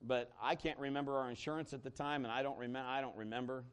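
A pastor, male, relates a personal anecdote in his sermon with quick, animated, conversational delivery that alternates between loud and quiet. His voice is mid-range with a clean tone.

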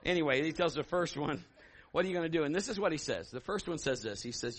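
A man preaching a sermon, swinging from loud shouted declarations to low hushed storytelling. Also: expressive, fast talker. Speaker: pastor.

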